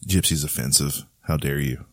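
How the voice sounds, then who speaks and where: A man in casual podcast chat, cracking jokes and throwing in quick, sometimes profane remarks. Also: extremely low pitch, fairly even intonation, dry recording. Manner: joking, quick interjections, swears.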